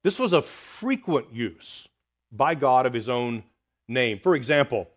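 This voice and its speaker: A man preaching a sermon, reading scripture aloud and dropping quiet and low for the words of God. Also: sing-song, unhurried. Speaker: pastor.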